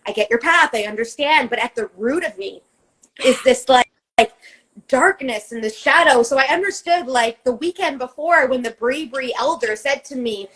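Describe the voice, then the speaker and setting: A woman's voice: sits high, expressive, normal speed, fairly bright tone, low-quality recording. A woman co-hosting a podcast in casual chat, telling a long personal story in a rambling, emphatic way and swearing often. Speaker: co-host.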